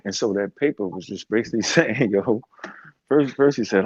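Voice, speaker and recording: A man's voice: medium pitch, a little fast, darkish tone, breathy edge, no room sound, dull audio. A man co-hosting a casual talk, bantering in slang and laughing often. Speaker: co-host.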